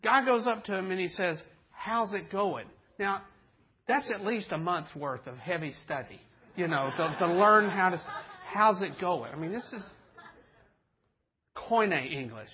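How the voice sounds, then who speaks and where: A man's voice: sits high, expressive, a little slow, muffled recording, a little hiss or hum. A man preaching a folksy, joking sermon to a congregation, acting out the people in his stories. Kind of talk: storytelling sermon.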